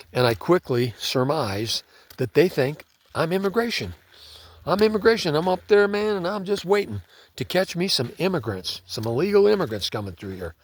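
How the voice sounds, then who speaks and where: A man's voice: mid-range voice, slightly rough. A man telling a story in a laid-back, conversational way, often saying "man". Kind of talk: casual spoken storytelling.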